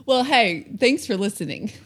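A woman co-hosting a podcast in casual chat, playful and quick with comebacks. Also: medium pitch, sing-song, a bit bright. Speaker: podcast co-host.

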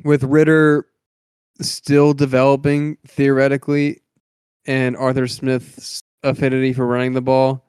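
A young man with a smooth, clear voice talks football in loose podcast banter. He rambles and hedges constantly, close to a dry mic. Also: medium pitch, flat delivery, unhurried, darkish tone, dry recording. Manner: rambling, hedging with "like" and "I mean". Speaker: podcast co-host. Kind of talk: casual sports chat.

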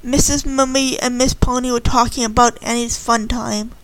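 A woman's voice: on the high side, little pitch movement, moderate pace, dry recording, rough recording. A woman casually retelling a story in an informal way, correcting herself mid-sentence.

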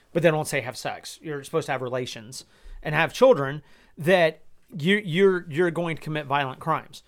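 A man hosting a personal podcast, speaking in exasperated, incredulous tones, swearing often and restarting his sentences. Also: fairly high pitch. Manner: incredulous rhetorical questions. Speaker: podcast host.

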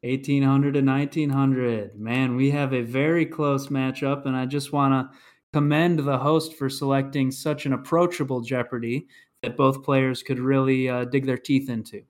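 A man's voice: mid-range voice, fairly even intonation, normal speed. A man hosting a casual podcast trivia game, reading clues and announcing scores.

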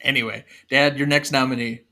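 A man's voice: medium pitch, steady tone, a little fast, pushed and bright. A man hosting a casual movie-review podcast, wry and keeping the segments moving. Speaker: podcast host.

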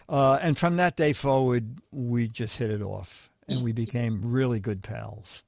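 An older man spins anecdotes from his writing career, lively and quick to mimic the people he quotes. His voice sits at an everyday middle pitch. The sound is close and dry. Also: vocal fry, no room sound. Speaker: guest, comedy writer. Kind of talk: anecdotal storytelling.

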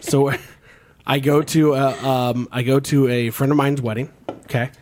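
A young man spins a long, rambling story on a casual podcast. He swears freely and breaks into laughter between lines. His voice sits at a plain middle pitch. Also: fairly even intonation, a little slow, darkish tone. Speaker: podcast host.

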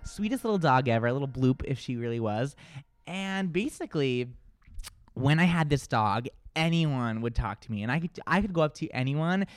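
A man's voice: medium pitch, lively intonation, normal speed, no echo. A man hosting a radio show, chatting casually and rambling with frequent restarts. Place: radio studio. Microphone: studio mic.

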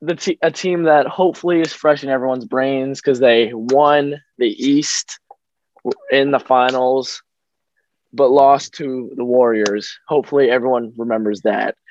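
A man co-hosting a casual sports podcast from a small home room, upbeat and joking with quick asides. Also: mid-range voice, fairly even intonation, darkish tone, highs cut off, a little hiss or hum. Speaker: podcast co-host.

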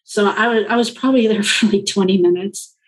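An interview guest, a woman from Colombia, recounts a personal experience in an earnest, reflective way. Her voice sits in an ordinary middle range, and she brings in other people's words with lively reported speech. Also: mid-range voice, a little fast, poor audio. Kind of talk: personal storytelling in conversation.

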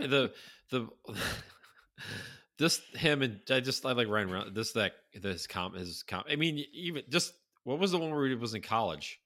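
A man co-hosting a casual podcast chat, rambling and swearing, breaking into animated quoted impressions. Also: medium pitch. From North Carolina. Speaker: podcast co-host.

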